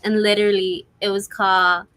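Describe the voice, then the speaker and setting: A young woman co-hosting a student radio show, chatting with lots of giggles and filler words. Her voice is bright and mid-pitched, and the recording is dry, with no room sound. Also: little pitch movement, fairly quick, smooth, no room sound. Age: young adult. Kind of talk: casual chat.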